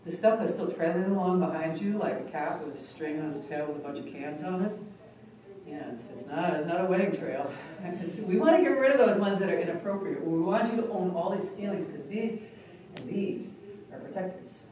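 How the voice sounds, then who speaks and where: A woman presenting a live hypnotherapy teaching demonstration in an expressive, conversational way, recorded from a distance in a large conference hall. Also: on the low side, a little fast. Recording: echoey hall from far off with noise.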